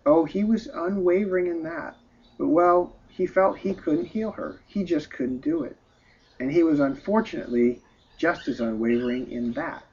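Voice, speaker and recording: Man reading a storybook aloud, emotive and sighing, husky voice, dull lo-fi recording. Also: on the high side, moderate pace, a little mellow. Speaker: story reader. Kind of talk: storybook narration.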